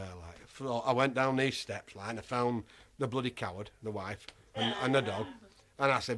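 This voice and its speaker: A man's voice: mid-range voice, expressive, brisk, a bit bright. Exasperated man spinning a tale. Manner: exasperated, rambling, swears freely, acts out the voices of others. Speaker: comic storyteller. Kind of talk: comic anecdote told to a live audience.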